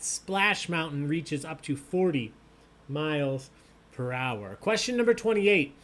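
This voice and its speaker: A man's voice: on the high side, slow pace. A man hosting a live online trivia night, reading questions and joking with players in an upbeat way. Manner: animated, upbeat, jokey. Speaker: trivia host.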